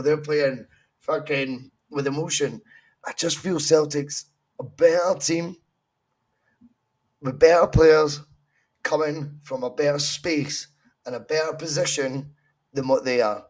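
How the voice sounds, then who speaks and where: Scottish male podcast co-host, fairly high husky voice, sweary and animated. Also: unhurried. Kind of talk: casual football podcast chat.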